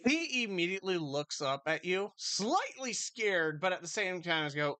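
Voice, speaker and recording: A man narrating a tabletop game as game master, halting and full of fillers, over a voice call. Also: high-pitched, big pitch swings, pushed and bright, smooth, dry recording. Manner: halting, filler-heavy narration with frequent laughs.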